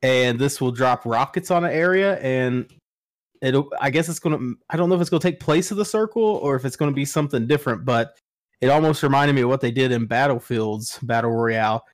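Relaxed man sharing gaming news. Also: medium pitch, brisk, dry recording, clean studio sound. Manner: relaxed, wry, reads out news items. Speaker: podcast co-host presenting news. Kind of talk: casual gaming news chat.

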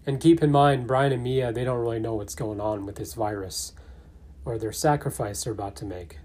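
A man's voice: fairly low pitch, steady tone, moderate pace, darkish tone. A man casually narrating and commenting on his own fan theory, thinking aloud with fillers. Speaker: fan theory video maker.

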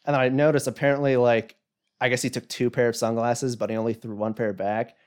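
A man's voice: medium pitch, flat delivery, fairly quick, darkish tone, clear, resonant tone. Rambling young man telling a story. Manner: rambling retelling, heavy with "like" and "you know". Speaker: storyteller in a chat. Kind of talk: casual chat.

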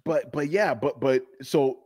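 A middle-aged man talking as a podcast guest in casual, animated chat, emphatic and swearing freely. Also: medium pitch, measured pace, husky, no echo.

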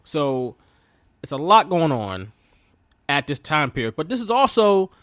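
A man's voice: a little high, big pitch swings, a little slow, a bit bright, no room sound, clean studio sound. A man hosting a wrestling podcast, chatting casually with a co-host, laughing often and filling his talk with fillers. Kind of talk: casual chat.

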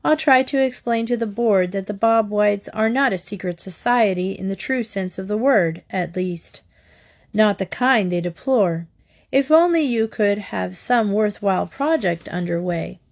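A woman's voice: mid-range voice, animated, a little slow. A woman voicing a kindly middle-aged male school official in a storybook reading, formal and earnest.

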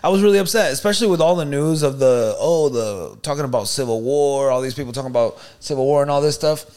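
Animated man telling a story, bro-talk. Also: medium pitch, fast talker. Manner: animated, slangy, keeps saying bro and you know what I mean. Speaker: podcast co-host. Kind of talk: casual storytelling chat.

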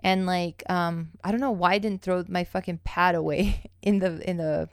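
A woman's voice: lowish voice, fairly even intonation, moderate pace, no room sound, studio quality. A young woman co-hosting a casual podcast chat, telling stories loosely with lots of swearing and "um" and "like". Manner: loose, profane storytelling with many fillers. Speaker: podcast co-host.

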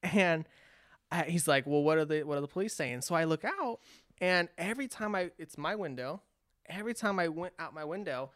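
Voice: mid-range voice, a little fast, no echo, clean studio sound. A speaker from California telling a long personal story in casual chat, acting out quotes with lots of restarts. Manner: animated, acts out quotes, frequent restarts.

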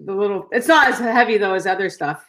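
A woman with a mix of Texas, Boston and Canadian accents, chatting casually, excitable and swearing a lot. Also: medium pitch, fast talker. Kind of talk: casual chat.

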